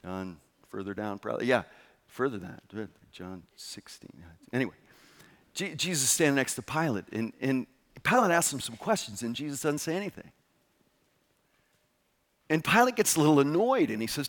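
Male pastor, emphatic preaching voice with animated swings, long room reverb. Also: mid-range voice, normal speed, long pauses. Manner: animated, emphatic, asks rhetorical questions. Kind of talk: sermon.

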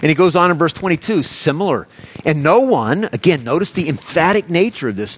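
A man's voice: on the high side, expressive, brisk, breathy edge. A man preaching a sermon, emphatic and explanatory, asking the congregation rhetorical questions as he works through a passage verse by verse.

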